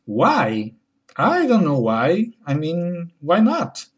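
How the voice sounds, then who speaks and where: A man delivering a wry, deadpan comedy monologue as host. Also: fairly high pitch, slow. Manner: deadpan, wry, switching into mocking voices.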